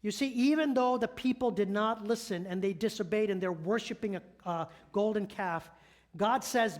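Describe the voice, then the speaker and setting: A man's voice: high-pitched, moderate pace. A middle-aged man, a church elder, preaching a sermon in an earnest storytelling manner and sometimes correcting himself mid-sentence.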